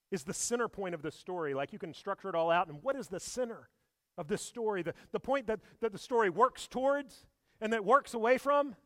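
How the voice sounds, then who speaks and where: A male pastor delivers a sermon with lively storytelling and frequent rhetorical questions. His voice sits high for a man. The sound is close and dry, with no room echo.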